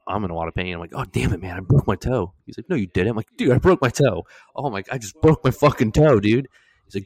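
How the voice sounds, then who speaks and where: A man's voice: low voice, a little mellow, dry recording. A young man co-hosting a podcast, telling stories animatedly, swearing and laughing as he goes. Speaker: podcast co-host. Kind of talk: casual storytelling chat.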